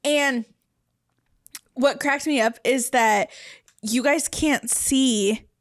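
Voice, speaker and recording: A woman co-hosting a podcast in casual chat, animated and laughing often. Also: sits high, very slow, dry recording, studio quality. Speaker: podcast co-host.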